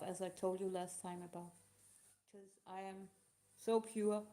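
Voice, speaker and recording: Emotional woman answering questions, halting. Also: mid-range voice, dark tone. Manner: halting, emotional, non-native phrasing. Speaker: live show host. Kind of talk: casual live talk answering questions.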